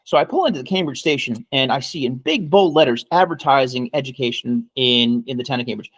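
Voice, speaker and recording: A man's voice: mid-range voice, quick pace, few pauses, a bit bright, no room sound. A man co-hosting a podcast, telling a long, rambling story full of swearing and asides like "okay?". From United States. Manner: rambling, swears freely, keeps adding "okay?". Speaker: podcast co-host. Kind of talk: casual storytelling chat.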